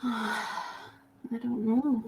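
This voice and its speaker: A woman's voice: fairly high pitch, steady tone, very slow, a little hiss or hum. A woman chatting casually with friends, making emphatic points and closing many of them with tag questions. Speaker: chat participant. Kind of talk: casual chat among friends.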